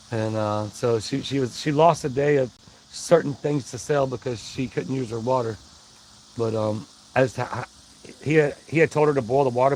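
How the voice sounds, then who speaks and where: A man's voice: medium pitch, a little mellow, slight background noise, poor audio. A man hosting a casual livestream, rambling in a folksy way and greeting his chat by name. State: out of breath. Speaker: livestream host. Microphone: wireless mic worn on body.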